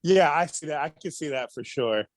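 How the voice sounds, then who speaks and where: Chill young dude rambling on a podcast, kinda high for a guy, super dry sound. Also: lively intonation, normal speed, no echo. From Australia. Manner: laid-back, profane, rambling with many fillers. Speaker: music producer guest. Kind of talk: casual podcast chat.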